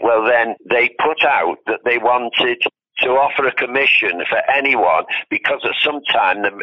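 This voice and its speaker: An older man, an art dealer, telling long stories in a podcast interview, often restarting his sentences. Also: on the low side. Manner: rambling anecdotes with many restarts. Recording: dull lo-fi sound.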